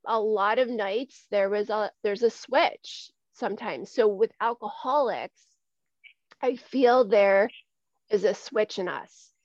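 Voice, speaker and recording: A woman's voice: medium pitch, slow, darkish tone, no echo. A woman in her forties talks openly as an interview guest, earnest and repeating words while she finds her way. Her voice is close and dry, with no room around it. The recording is dull and lo-fi. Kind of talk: candid conversational interview.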